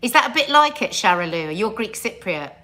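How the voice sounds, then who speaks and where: A woman's voice: fairly high pitch, sing-song, brisk, bright, forceful tone. A middle-aged woman hosting a casual live stream, chatting to viewers and greeting them by name in a sing-song way. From England.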